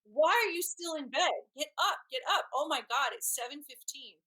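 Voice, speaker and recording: A woman's voice: sits high, animated, normal speed, a bit bright, pitched above the performer's own voice, low-quality recording. A woman quoting a frantic young man, urgent and nagging. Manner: urgent, nagging, repeated commands. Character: frantic young man rushing his girlfriend.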